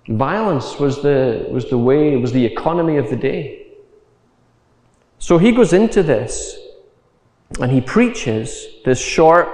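A man preaching a sermon, telling the story slowly and acting out the quotes. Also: fairly high pitch, a little mellow. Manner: unhurried storytelling with acted quotes. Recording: echoey hall.

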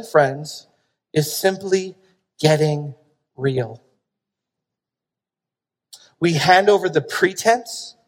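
Pastor, male, very high voice, animated emphatic preacher, big reverberant church hall. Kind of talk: sermon. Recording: long reverb of a large hall.

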